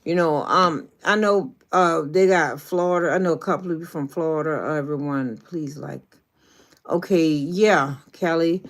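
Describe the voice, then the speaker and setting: A woman's voice: low voice, moderate pace. A woman from New Orleans with a Southern accent, chatting casually on a livestream as a YouTube coach and greeting viewers by name. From New Orleans, Louisiana.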